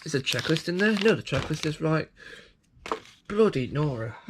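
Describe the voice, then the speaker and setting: A man's voice: fairly high pitch, noisy background. A man rambling through a casual toy unboxing, self-mocking and prone to fits of giggling.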